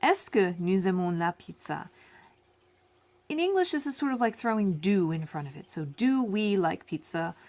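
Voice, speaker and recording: A woman teaching a French lesson, explaining slowly and repeating each phrase in both languages, with self-deprecating asides. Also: medium pitch, animated, a little mellow. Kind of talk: classroom lesson.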